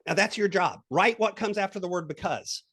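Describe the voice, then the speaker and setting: A man with a fairly high voice, speaking as a guest coach on a podcast. He tells an imagined scene with lively, animated delivery and slips into quoted voices. His tone stays steady and guiding as he coaches the listener. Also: fairly quick, husky. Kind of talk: podcast interview.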